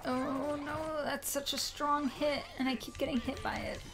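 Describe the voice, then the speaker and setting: A woman's voice: sits high, fairly even intonation, a little slow. A young woman chatting to herself as she plays a video game on a live stream. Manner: chatty, talks to herself while playing. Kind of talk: live-stream gameplay commentary.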